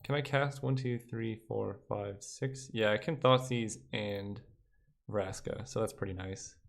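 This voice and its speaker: A man's voice: on the low side, measured pace, creaky. A young man giving casual commentary while playing a digital card game, thinking aloud and counting under his breath.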